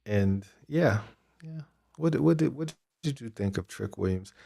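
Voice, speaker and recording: A man's voice: medium pitch, expressive, a little slow, creaky, dark tone. A man co-hosting a podcast, chatting casually about wrestling with lots of restarts and fillers. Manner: rambling, many restarts and fillers. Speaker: podcast co-host.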